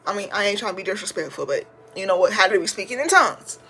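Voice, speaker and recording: A woman in her twenties hosting a podcast, telling a funny story in a chatty, slangy way, sometimes breaking into loud shouted praise. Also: medium pitch, animated, fast, husky, faint music behind. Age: 20s. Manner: slangy, chatty, addresses listeners as y'all. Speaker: podcast host. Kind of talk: casual storytelling to listeners.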